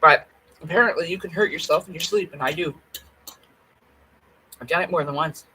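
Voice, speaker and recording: A woman's voice: deep voice, moderate pace, bright, forceful tone, slightly rough, poor audio. Blunt, rambling woman vlogging. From Canada. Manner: blunt, rambling, swears freely. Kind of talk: casual chat to camera.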